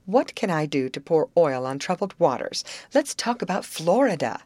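A woman's voice: sits low, big pitch swings, moderate pace, a little mellow, no room sound. A woman voicing Betty, a sensible teenage girl who keeps the peace, speaking in an earnest, coaxing way. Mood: pleading.

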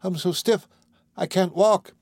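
A man reading aloud, voicing a delicate young wife who speaks softly and pleadingly in a storybook. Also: sits high, steady tone, a little slow, breathy edge, dry recording, studio quality, pitched above the performer's own voice, full character voice. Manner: soft, breathless, pleading.

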